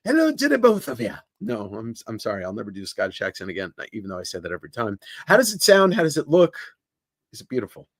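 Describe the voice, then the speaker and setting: A man's voice: on the low side, lively intonation, fast, no echo, studio quality. A man hosting a live comic sale stream from an office, joking and greeting viewers by name. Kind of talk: casual livestream chat. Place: indoor office.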